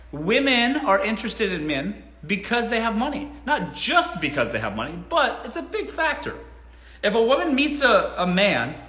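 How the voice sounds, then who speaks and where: A man's voice: high voice, sharp tone. A man hosting a casual live Q&A, talking bluntly and swearing freely. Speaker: host. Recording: roomy echo.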